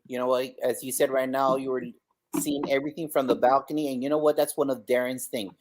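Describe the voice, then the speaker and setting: A man co-hosting a live leadership podcast, energetic and exclaiming, swinging between loud bursts and quiet asides. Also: medium pitch, fast. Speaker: podcast co-host. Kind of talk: upbeat live-stream opening. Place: home in Texas.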